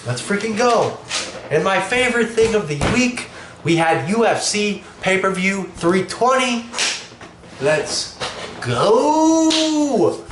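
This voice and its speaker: A young man hosting a casual sports opinion show, blunt and profane, sick with a cough. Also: high-pitched. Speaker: show host. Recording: echoey room with faint noise.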